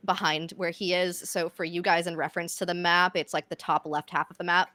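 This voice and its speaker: A woman's voice: fairly low pitch, flat delivery, fairly quick, pushed and bright. A woman running a tabletop game as game master, casual and giggly. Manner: giggly, casual, many fillers.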